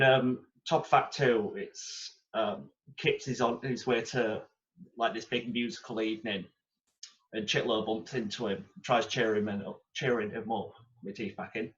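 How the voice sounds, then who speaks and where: A man, a podcast guest, telling relaxed theatre anecdotes with chuckles. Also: mid-range voice, unhurried, lo-fi sound. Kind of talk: casual chat.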